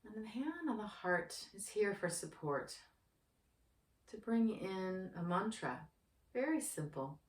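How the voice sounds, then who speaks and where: A woman who works as a yoga therapist, guiding a breathing practice in a slow, gentle, soothing manner. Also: mid-range voice, very animated. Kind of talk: guided breathing instruction. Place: indoor room with yoga mat. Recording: roomy, distant from the mic.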